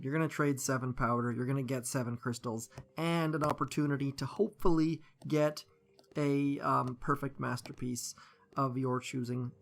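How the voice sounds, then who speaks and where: A man's voice: medium pitch, fairly bright tone. A man giving casual live-stream commentary on a game, chatty and rambling, greeting viewers by name and thinking aloud with lots of fillers.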